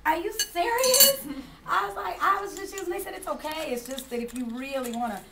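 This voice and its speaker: A woman's voice: fairly high pitch, a bit bright. A woman with an African American accent, leading a live tea demonstration for a group in a chatty, laughing manner. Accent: African American Vernacular English. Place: room with a group, kitchen sounds. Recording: distant mic with room noise.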